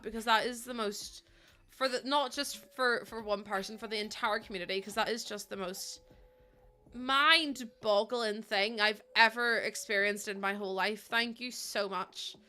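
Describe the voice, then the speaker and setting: A young woman livestreaming in casual chat, excitable and gushing, often breaking into laughter. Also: fairly high pitch. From Northern Ireland.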